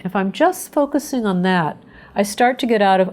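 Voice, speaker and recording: A woman therapist speaks gently and conversationally as she leads a webinar. She guides listeners through a calm mindfulness exercise in a voice of ordinary pitch for a woman. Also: moderate pace. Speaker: psychotherapist leading a survivorship webinar. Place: indoors, remote webinar.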